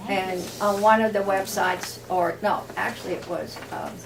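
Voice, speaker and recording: A woman's voice: medium pitch, normal speed, vocal fry, background noise. A woman teaching a workshop in a classroom, speaking informally with many fillers and restarts. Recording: distant room recording with faint ambience.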